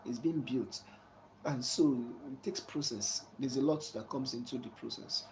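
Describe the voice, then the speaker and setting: Casual host, warm and mellow, chuckling preachy advice, faint background hum. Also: male voice, medium pitch, a little slow, poor audio. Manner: preachy, repeats "you understand?" often; soft chuckles between points. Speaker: channel host giving life advice. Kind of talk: casual advice talk to a viewer.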